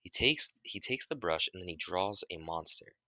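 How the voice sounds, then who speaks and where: Man, casual storyteller, low voice, bright tone, rambling, dry sound. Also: expressive, moderate pace, no room sound. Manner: rambling, with restarts and profanity.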